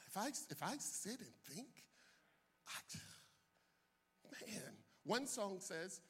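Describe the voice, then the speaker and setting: An older man, a pastor, preaching a sermon with animated delivery that swings from soft asides to loud bursts. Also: high voice, moderate pace, pauses often, husky.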